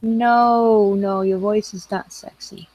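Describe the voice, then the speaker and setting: A woman in casual voice chat, sassy and quick with comebacks. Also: mid-range voice, fairly even intonation, a little mellow, slight background noise. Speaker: chat room participant.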